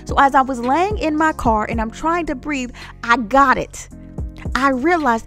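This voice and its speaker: A woman's voice: sits high, a little slow, a bit bright, faint music behind. A woman telling her own story to viewers in an earnest, preachy vlog, speaking to them directly. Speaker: Christian vlogger. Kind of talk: personal testimony vlog.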